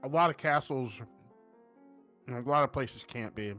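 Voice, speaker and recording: A man's voice: medium pitch, measured pace, sharp tone, soft background music. A man joking and bantering casually with friends in a voice chat, laughing often and trailing off mid-sentence.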